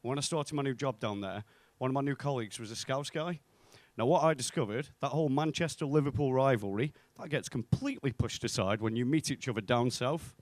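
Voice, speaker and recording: A man's voice: medium pitch, a little fast, dry recording. Man doing dry stand-up. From North West England. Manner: deadpan punchlines, acts out quoted voices. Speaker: stand-up comedian. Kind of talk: stand-up comedy set. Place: comedy club stage.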